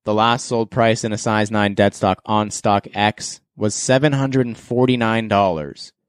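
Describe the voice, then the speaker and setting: A man's voice: on the low side, steady tone, measured pace, clean tone, no echo, clean studio sound. A Canadian man hosting a podcast, running a playful guessing game in a teasing quizmaster manner. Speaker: podcast host. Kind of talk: casual game-show chat.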